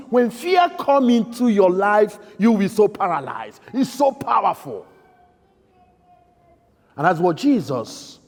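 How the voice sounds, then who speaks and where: A man preaching a sermon as priest in a church, emphatic, swinging between loud outbursts and soft, quiet lines. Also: high voice. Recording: echoey church hall.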